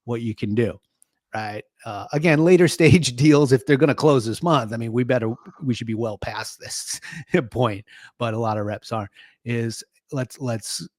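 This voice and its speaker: A man co-hosting a podcast, calmly explaining ideas in casual chat with fillers. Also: mid-range voice, normal speed, dry recording, studio quality. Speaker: podcast co-host, sales consultant.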